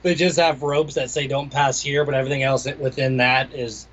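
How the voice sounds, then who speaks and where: A man's voice: mid-range voice, flat delivery, fairly quick, fairly bright tone. A young adult man, a DJ and producer, chatting casually in an interview, laid-back and rambling with plenty of swearing. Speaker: DJ and music producer, guest. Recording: slightly dull lo-fi audio.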